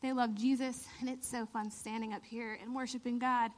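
Animated high-voiced woman telling a story. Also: moderate pace. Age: 30s. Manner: animated, laughing storyteller who acts out quotes. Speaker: church speaker. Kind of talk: storytelling sermon.

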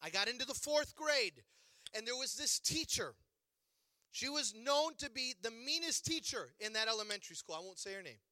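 A high-pitched man in his forties preaches in an animated, humorous storytelling style. His voice is very bright and forceful. The sound is dry and close. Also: normal speed, no echo. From Chicago area, USA. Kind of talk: storytelling sermon.

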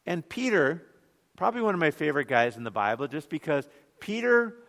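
Brief: Minnesotan-accented male pastor, fairly high voice, chatty sermon, long church reverb. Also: fairly bright tone. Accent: Northern Minnesotan. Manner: conversational, rhetorical questions, joking asides.

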